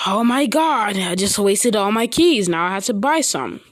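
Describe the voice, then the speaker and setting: A woman improvising a fan story, halting and rambling with many restarts. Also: mid-range voice, lively intonation, no echo.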